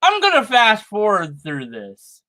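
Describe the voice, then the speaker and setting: A man's voice: sits high, huge pitch swings, measured pace, bright, forceful tone. A man giving sarcastic, rambling commentary on a sermon clip, mocking the preacher's arguments. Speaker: video commentator.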